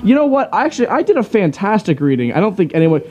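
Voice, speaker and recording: A man co-hosting a relaxed group chat show, his voice mellow and dark in tone. He jokes and teases the others, and his pitch moves up and down a lot as he talks. He laughs often. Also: fast talker, muffled recording. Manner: joking, teasing, laughs often. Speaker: co-host.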